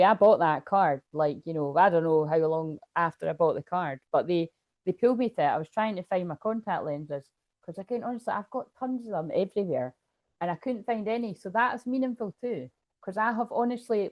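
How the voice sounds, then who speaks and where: Scottish woman tarot reader, lowish voice, rambling casual livestream chat from home. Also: highs cut off. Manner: rambling, chatty, laughs often.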